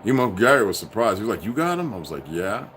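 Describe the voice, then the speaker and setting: Male streamer, lowish voice, rambling profane monologue, volatile delivery, faint background hiss. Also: very animated, fast. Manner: profane, rambling, swings from low muttering to loud outbursts. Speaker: livestream host. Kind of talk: casual livestream monologue.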